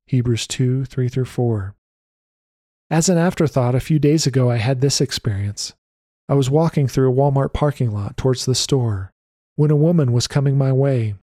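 Male lay preacher, mellow dark tone, dry close sound, steady scripture recitation. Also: medium pitch, dry recording. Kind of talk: scripted devotional reading.

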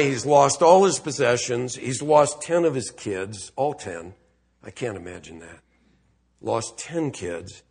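A male preacher delivers a sermon in a conversational register. His voice sits a little high for a man. He talks plainly and with emphasis, breaking into mock-casual asides.

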